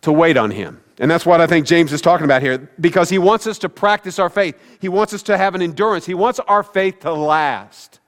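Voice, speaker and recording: A man's voice: on the high side, fairly quick, few pauses, big-room sound. A middle-aged male pastor preaching a conversational sermon, with joking asides to the congregation. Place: church sanctuary.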